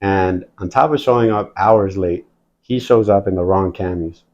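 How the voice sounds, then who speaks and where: A man with a lowish voice tells stories in a casual, animated way, swearing freely and acting out quoted dialogue. The recording sounds dull and lo-fi. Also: moderate pace. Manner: profane, animated storytelling, acts out quoted dialogue. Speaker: guest, military veteran. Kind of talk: casual storytelling.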